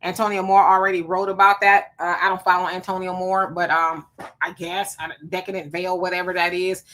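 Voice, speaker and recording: A woman hosting a live talk stream, chatting casually and reading viewer comments aloud in an animated way. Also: on the low side, a little fast. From California. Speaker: live show host.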